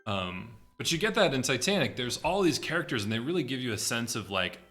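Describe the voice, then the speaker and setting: A man commenting on a video game in casual chat, animated and often correcting himself mid-sentence. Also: mid-range voice, brisk, faint music behind. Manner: animated, self-correcting, chatty. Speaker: guest commentator.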